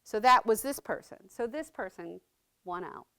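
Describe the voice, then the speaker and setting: This middle-aged mother tells her testimony in a fairly high, bright, forceful voice with lively intonation and moderate pace. Her talk is earnest and conversational, frequently checking in with listeners by asking "right?"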